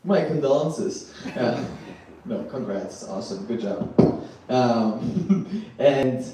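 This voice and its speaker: Halting German comedian, roomy distant sound. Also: male voice, mid-range voice, lively intonation. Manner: loose, halting delivery with many ums, breaking into laughter at own jokes. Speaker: stand-up comedian. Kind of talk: stand-up set. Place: small comedy venue. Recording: roomy, distant club mic with faint noise.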